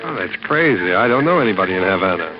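An actor playing a grim, hardened American man with a terse, flat delivery, in 1940s radio acting style on a dull old broadcast. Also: deep voice, quick pace, over loud music. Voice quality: terse, flat, hard-edged. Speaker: lead and narrator.

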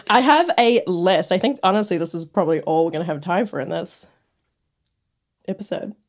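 A woman's voice: fairly low pitch, moderate pace. A young adult woman co-hosting a podcast, telling stories in casual chat, blunt and cheeky, swearing easily and acting out what people said. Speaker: podcast co-host.

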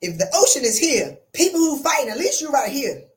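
A woman hosting a motivational podcast, talking blunt and colloquial, calling her listeners "sis" and swinging her voice high and low for emphasis. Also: a little fast. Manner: animated, sassy and blunt, with wide swings in pitch and loudness. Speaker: podcast host and life coach. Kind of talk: motivational monologue.

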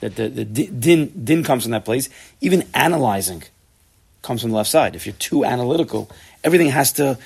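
A man giving a Torah class, animated and emphatic, often restarting his sentences. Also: medium pitch, brisk, vocal fry, husky. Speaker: Torah teacher.

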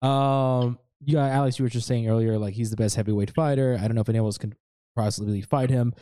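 A man's voice: medium pitch, steady tone, a little fast, warm tone, no echo, studio quality. A young man co-hosting a podcast, easygoing and rambling, with frequent laughs, in casual chat. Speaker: podcast co-host.

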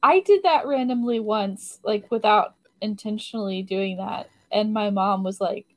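A woman's voice: mid-range voice, measured pace. A woman co-hosting a podcast in casual chat, giggly and loose, full of "like" fillers. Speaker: podcast co-host.

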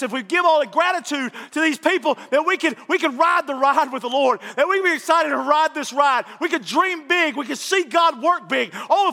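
A man's voice: very high-pitched, sharp tone. A man preaching a sermon fervently, often repeating himself and raising his voice. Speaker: pastor. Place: church sanctuary. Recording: reverberant church hall.

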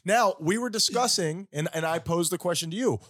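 A man's voice: sits high, fairly quick, a bit bright, dry recording, clean studio sound. A man co-hosting a comedy podcast in a casual chat, joking and teasing his partner. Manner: joking, teasing, keeps saying the other host's name. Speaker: podcast co-host.

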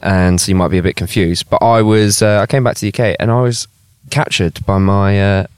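British guy, lowish voice, dry close mic, goofing around on a podcast outside. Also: fairly quick, clear, resonant tone, no echo. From United Kingdom. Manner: jokey, tells tall tales deadpan. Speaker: podcast host. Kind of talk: casual banter podcast. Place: outdoors on a hillside.

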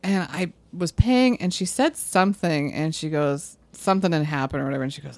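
A young adult woman co-hosting a podcast, chatty and animated, laughing often as she tells stories. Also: deep voice, brisk. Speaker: podcast co-host. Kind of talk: casual chat.

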